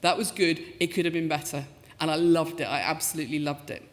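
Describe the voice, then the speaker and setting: Woman in her fifties, professor telling comic stories on stage in a big reverberant hall, animated and self-mocking. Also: sits low, fast. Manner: lively, self-mocking, acts out quoted voices. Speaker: professor giving a talk. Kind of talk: storytelling talk with comic asides. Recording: lecture hall with long reverb.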